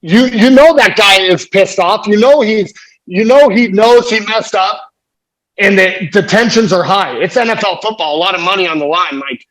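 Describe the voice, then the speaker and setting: A man's voice: high-pitched, normal speed, fairly bright tone, rough recording. A man from the United States, a guest on a podcast, talking in a fired-up, emphatic way with frequent swearing in casual chat.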